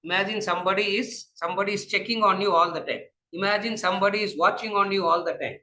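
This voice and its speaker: Tamil-accented man lecturing, high bright voice. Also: quick pace, poor audio. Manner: rhetorical questions, repeats phrases, drops to asides. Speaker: spiritual lecturer. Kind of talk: classroom lecture on philosophy. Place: classroom.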